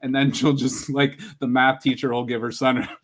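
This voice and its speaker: A man's voice: medium pitch, flat delivery, normal speed, a bit bright. A man hosting a casual podcast movie draft, talking enthusiastically and laughing as he goes.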